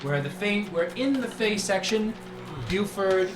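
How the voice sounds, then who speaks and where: A man's voice: sits high, expressive, unhurried, over music. A man narrating as game master, rambling with many "like"s and "kind of"s. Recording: echoey room with background noise.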